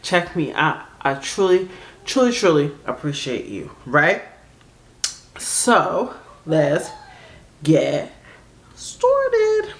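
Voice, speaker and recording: A woman's voice: sits low, huge pitch swings, extremely slow, pauses often. Sassy, laughing woman reacting. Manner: laughing often, sassy, calls listeners "baby". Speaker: reaction video host. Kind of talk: animated reaction commentary.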